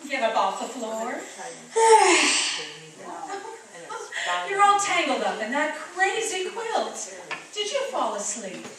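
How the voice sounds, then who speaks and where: A woman's voice: extremely high pitch, sing-song, very slow, gravelly, pauses often, fairly bright tone, distant mic, exaggerated voice. A woman voicing a caring mother who fusses over her children in an old radio drama. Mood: fussing. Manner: fussing, solicitous. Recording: echoey old radio recording from afar.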